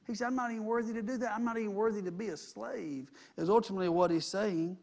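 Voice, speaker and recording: High-voiced male preacher. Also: quick pace, vocal fry, darkish tone. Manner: conversational preaching, swelling to emphatic at high points. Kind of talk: sermon.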